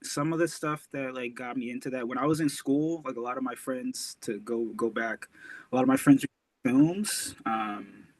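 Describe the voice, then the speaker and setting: A man's voice: medium pitch, steady tone, moderate pace, dry recording. Rambling man chatting in an interview. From United States. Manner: rambling, many restarts and fillers, laughs easily. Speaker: guest musician. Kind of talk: casual interview chat.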